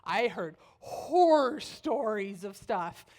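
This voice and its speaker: A woman speaker giving a personal storytelling talk at a church, animated and acting out the voices she quotes. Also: mid-range voice, slow.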